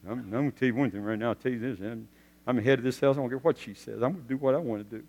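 A grown man mutters and grumbles under his breath, his voice dropped low and quiet. A preacher puts him on. His words trail away in a long hall echo. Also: very fast, natural voice. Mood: grumbling.

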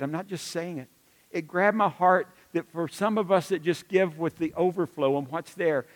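A man with a high-pitched voice preaches to his congregation. He delivers the sermon in a folksy way, with joking asides and earnest appeals. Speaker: pastor.

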